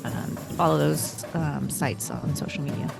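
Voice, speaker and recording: A woman chats casually on a podcast, pointing listeners to news sources. Her voice is very low and deeply gravelly. Loud music plays under her. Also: a little slow.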